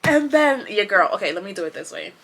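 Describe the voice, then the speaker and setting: A woman chatting to camera about books she read, rambling with many fillers and restarts, passionate and expressive. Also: mid-range voice, fast. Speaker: booktuber. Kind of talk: casual chat to camera.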